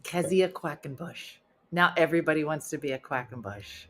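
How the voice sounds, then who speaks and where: A middle-aged woman hosting a casual livestream chat, playful and teasing with deadpan asides. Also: low voice, normal speed. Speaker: host.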